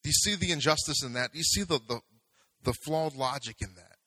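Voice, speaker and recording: A man's voice: a little high, lively intonation, fairly quick, sharp tone, no echo, rough recording. A man preaching a sermon as pastor, talking conversationally and building to fervent exhortation.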